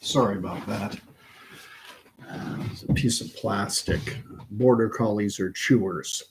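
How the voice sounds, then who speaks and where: A Canadian man hosting a late-night livestream from home, reading his written thoughts aloud in an unhurried way, with frequent fillers and restarts. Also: on the low side, slight background noise. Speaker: channel host.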